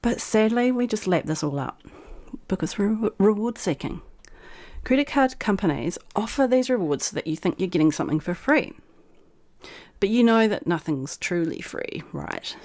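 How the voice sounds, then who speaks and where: A woman's voice: medium pitch, animated, moderate pace, darkish tone. A woman vlog host who reads her old blog post aloud in a frank, persuasive way, then reflects on it.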